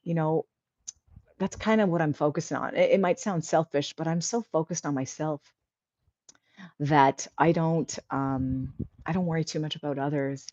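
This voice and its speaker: A woman's voice: deep voice, moderate pace, a little mellow, dry recording, lo-fi sound. A woman hosting a casual livestream, chatty and encouraging, reading out viewer comments. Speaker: livestream host.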